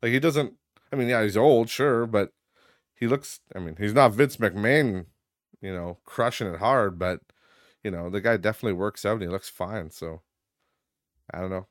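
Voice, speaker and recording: A man hosting a casual solo podcast, sarcastic and profane, laughing at his own jokes and getting loud and high when he rants. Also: normal speed, long pauses, no echo, clean studio sound. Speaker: podcast host.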